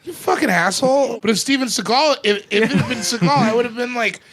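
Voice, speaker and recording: A man, a guest comedian, chatting casually on a podcast, telling animated stories, laughing often and swearing freely. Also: very high voice, quick pace, slight background noise.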